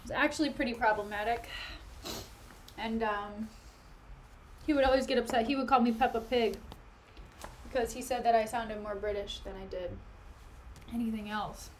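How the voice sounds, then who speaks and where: A woman streamer reads a play aloud while chatting casually and joking, often drifting off topic. Her slightly high voice stays fairly even at a normal speed, broken by long pauses, with slight background noise behind it.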